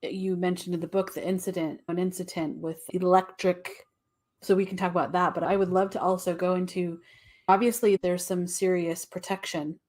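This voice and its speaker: A woman hosting a podcast. She asks her guest questions and reads the outro in a quick, upbeat way. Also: fairly low pitch, level tone, darkish tone. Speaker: podcast host. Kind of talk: interview questions and scripted outro.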